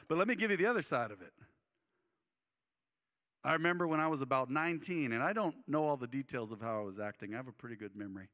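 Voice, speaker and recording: Man, pastor, sermon, bright ringing voice, church hall reverb, emphatic then hushed. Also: medium pitch, lively intonation, fast. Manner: impassioned, swinging between loud emphatic lines and quiet asides. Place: church sanctuary.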